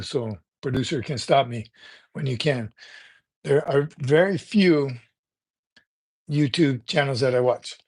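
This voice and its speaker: An older man hosts a relaxed livestream, talking straight to his viewers in an easygoing, unscripted way. He rambles, circles back and repeats words while he thinks, and his voice sits at an ordinary middle pitch. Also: breathy edge. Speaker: livestream host. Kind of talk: casual livestream chat.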